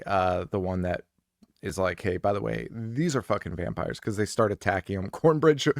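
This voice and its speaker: A man co-hosting a podcast, chatting casually and excitedly about a horror movie, swearing often. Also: on the low side, dry recording, studio quality. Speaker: podcast co-host.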